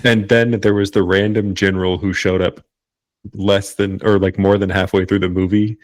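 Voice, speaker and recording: A man co-hosting a casual movie review podcast, relaxed and easygoing. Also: low-pitched, normal speed, no echo. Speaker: podcast co-host.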